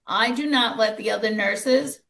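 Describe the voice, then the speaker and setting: A woman's voice: a little high, unhurried, vocal fry, a bit bright. A woman podcast host who works as a nurse, chatting and telling stories from her job, quoting herself along the way. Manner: chatty, storytelling, quotes herself. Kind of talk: podcast conversation.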